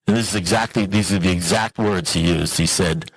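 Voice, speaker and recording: A man telling a humorous personal recovery story to an audience in an animated, self-mocking way, often turning to the listeners with questions. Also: a little fast, slightly rough, dry recording, low-quality recording. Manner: animated, self-mocking, with sudden jumps in pitch; conversational, asks the audience questions. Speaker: recovery meeting speaker.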